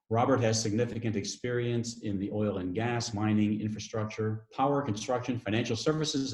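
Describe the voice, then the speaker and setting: A man introducing the panelists at an online event, reading their backgrounds in a steady listing manner. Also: on the low side, roomy sound. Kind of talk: read introduction. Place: online video call.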